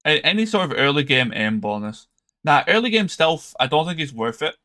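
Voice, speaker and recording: A man's voice: on the high side, sing-song, brisk, sharp tone. A tired man streaming a strategy game, thinking aloud with hesitant, trailing casual commentary. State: tired, yawning.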